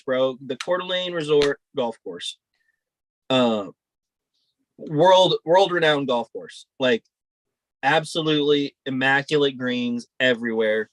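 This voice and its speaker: A man's voice: mid-range voice, fairly bright tone, dry recording. A young man co-hosting a podcast, telling a rambling, profane story in casual chat. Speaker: podcast co-host.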